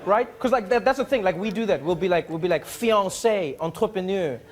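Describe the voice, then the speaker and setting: Playful high-voiced man doing crowd work. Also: animated, quick pace. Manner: playful, mimics accents, laughs often. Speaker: talk show host bantering with audience. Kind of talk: improvised comedy crowd work. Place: studio with live audience. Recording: live studio audience, noisy.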